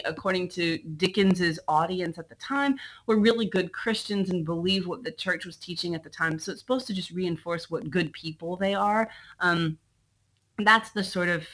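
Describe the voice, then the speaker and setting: A woman's voice: medium pitch, fairly bright tone, rough recording. A woman teacher recording a slideshow lecture for her students, chatty and full of ums, talking straight to the class. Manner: chatty, frequent ums, addresses students directly. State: coughing, throat a bit choked. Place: at a computer, screen recording.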